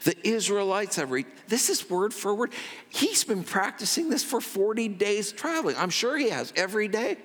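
A man preaching a sermon as pastor, telling the story with drama and dropping from loud to hushed. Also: sits high, very animated, normal speed, in a large hall.

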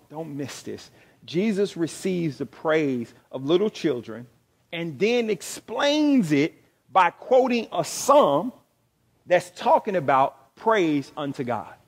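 A man preaching a sermon as pastor. He speaks with emphasis, rising loud on key phrases and repeating or correcting himself as he goes. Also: fairly high pitch.

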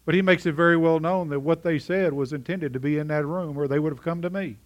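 A man's voice: fairly high pitch, fast talker. Man preaching a sermon, conversational. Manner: conversational, asks the congregation questions. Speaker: pastor.

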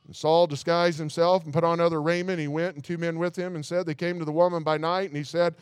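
High, smooth-voiced preacher. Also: male voice, little pitch movement, fast, few pauses, no echo, clean studio sound. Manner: reads scripture aloud, breaks off with rhetorical asides. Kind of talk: sermon.

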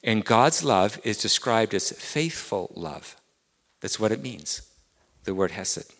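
A man's voice: on the low side, animated, takes it slowly, a bit bright, big-room sound. A man with an English accent preaching a sermon as pastor, earnest and repeating key words, climbing to emphatic peaks.

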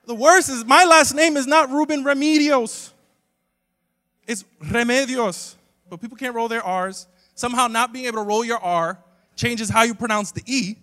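A man preaching a humorous sermon to a congregation, animated and swinging between loud exclamations and quiet asides. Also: very high-pitched, brisk. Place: church sanctuary with a live congregation. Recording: long hall reverb from a church sanctuary.

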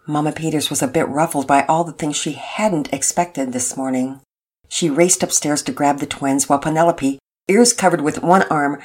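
A woman narrating a storybook in a calm, earnest, gently expressive reading. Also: deep voice, husky.

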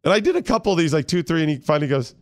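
A man's voice: fairly high pitch, rapid-fire, no room sound, studio quality. A middle-aged man hosting morning radio, telling family stories in casual banter and acting out the people he quotes. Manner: storytelling with animated voices for quoted people. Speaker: radio show host.

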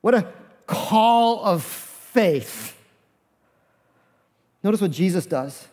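High-voiced pastor preaching in a hall. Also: male voice, drawn-out words. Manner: animated, acts out voices of figures. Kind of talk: sermon.

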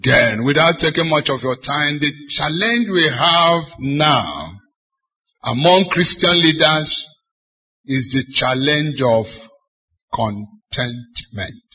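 A middle-aged man with a Nigerian accent preaches to church leaders. His slightly husky voice pushes hard on key words with sudden loud bursts, and he keeps firing rhetorical questions at the congregation. The recording is dull and lo-fi, with muffled highs. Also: expressive, slow. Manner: bursts into loud, forceful stresses. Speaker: bishop.

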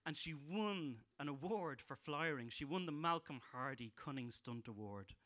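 A man's voice: on the high side, lively intonation, normal speed, a bit bright. A man with a Dublin Irish accent performing a stand-up set, dry and hesitant with frequent ums and restarts. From Ireland. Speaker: stand-up comedian.

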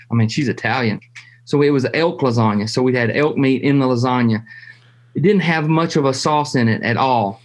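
A man, a hunting show host telling stories in a folksy way, with restarts and drawn-out pauses. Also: mid-range voice. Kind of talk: casual conversation.

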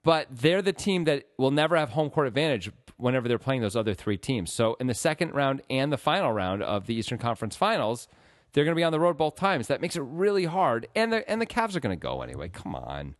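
A man hosting a casual sports podcast, chatting in a lively, rambling way. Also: mid-range voice, brisk, dry recording, clean studio sound. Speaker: podcast host.

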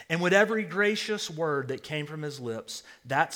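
A man preaching a sermon, swinging between loud declarations and hushed near-whispers. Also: a little high, expressive, moderate pace, hardly any pauses. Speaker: pastor.

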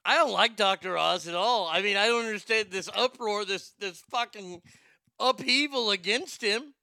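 A man with a high, bright voice and a gravelly edge hosts a casual commentary show. He talks bluntly and swears freely, joking his way through posts he reads aloud. The sound is smooth and dry. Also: normal speed, no echo. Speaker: show host.

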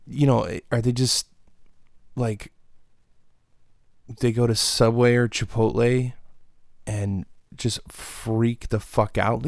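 A man hosting a solo comedic podcast, rambling in a deadpan, profane way. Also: medium pitch, slow, gravelly, no room sound, clean studio sound. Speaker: podcast host.

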